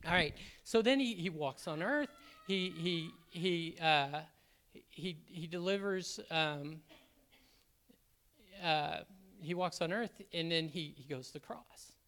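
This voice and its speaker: Guy giving a church talk, gets excited and trips over his words a lot. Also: a little high. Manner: excitable, halting, many restarts. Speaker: elder candidate. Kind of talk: sermon-style church talk.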